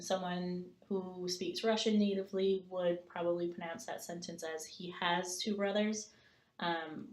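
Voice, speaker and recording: A woman's voice: fairly low pitch, echoey room. A woman giving a recorded class presentation, explaining step by step with frequent "um" fillers and reading example sentences aloud. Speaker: student presenter.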